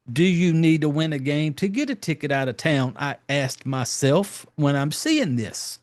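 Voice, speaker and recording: A man's voice: fairly high pitch, normal speed, hardly any pauses. A man hosting a podcast, recapping a horror film in a rambling, profane, loose way with lots of fillers. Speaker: podcast host. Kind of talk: casual movie recap.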